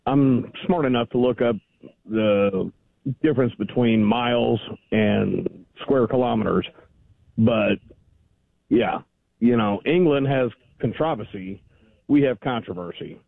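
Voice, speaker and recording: A man phoning in to a radio talk show, his voice gravelly and thin through a phone line. He argues his case insistently and keeps pressing. The sound is dry with no room around it. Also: medium pitch, slow, no room sound. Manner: argumentative, presses his point. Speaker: caller.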